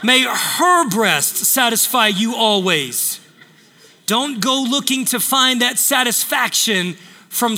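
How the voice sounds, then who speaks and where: A man preaching with a high, very bright and forceful voice. He presses his points hard and repeats key phrases to drive them home. His voice rings with long reverb, as in a large church hall. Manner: emphatic, repeats phrases for effect. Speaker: pastor. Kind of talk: sermon.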